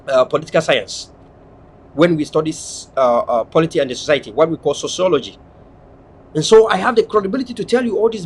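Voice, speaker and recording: A man's voice: sits high, breathy edge. A man from Southern Cameroons with a Cameroonian English accent, delivering an impassioned, lecturing monologue with heavy repetition. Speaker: political activist speaker.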